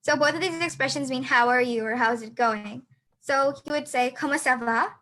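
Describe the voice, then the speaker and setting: A woman's voice: high-pitched, normal speed, a bit bright, poor audio. A teenage girl teaching a beginner lesson over a video call, hesitant with many fillers and restarts. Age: teens. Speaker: student teacher. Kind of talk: online class lesson.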